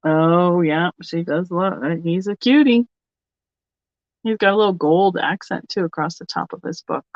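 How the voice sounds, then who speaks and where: A woman hosts a live online vintage sale, chatting casually and thinking aloud as she shows items and takes bids. Her voice is on the low side and a little mellow, at a moderate pace, with no room sound on a slightly dull, lo-fi recording.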